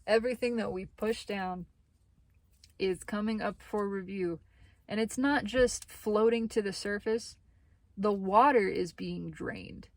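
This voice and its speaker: A woman's voice: medium pitch, no room sound. Casual woman giving a tarot reading. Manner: animated, laughs often, swears casually. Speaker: tarot reader.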